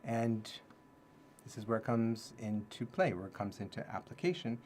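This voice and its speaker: A man's voice: fairly low pitch, expressive, moderate pace, a little mellow, a little hiss or hum. A man hosting a casual livestream talk, thinking aloud and repeating his key phrases. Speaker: livestream host teaching self-development ideas.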